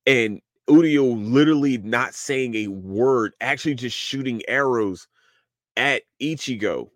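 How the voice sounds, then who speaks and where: Rambling animated man chatting. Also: medium pitch, dry recording, studio quality. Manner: rambling, animated, swears freely. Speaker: podcast host. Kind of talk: casual anime recap chat.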